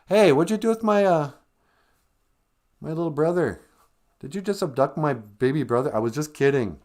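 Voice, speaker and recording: A fed-up teenage girl babysitter whines and rambles in a high, sarcastic voice, put on by a man retelling a film. Her complaints come out bright and pushed up well above his normal register. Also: expressive, normal speed, close to an everyday voice. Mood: alarmed. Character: exasperated teen girl babysitter.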